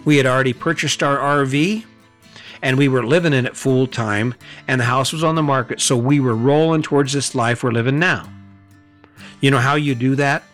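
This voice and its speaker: A man's voice: medium pitch, normal speed, a bit bright, faint music behind. A middle-aged man hosting a podcast, giving a blunt motivational monologue full of rhetorical questions and swearing. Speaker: podcast host.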